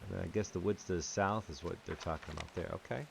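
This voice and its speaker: This is a man giving let's-play commentary on a puzzle game. He thinks aloud in casual asides, trailing off and restarting. His voice is very low and gravelly. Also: steady tone, fast, noisy background. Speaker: game reviewer.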